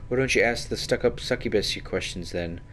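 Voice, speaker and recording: A man's voice: fairly low pitch, brisk, fairly bright tone, a little hiss or hum, natural voice. A man voicing a prickly fiery young rogue woman. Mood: defensive. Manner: ends sentences with echoing tags.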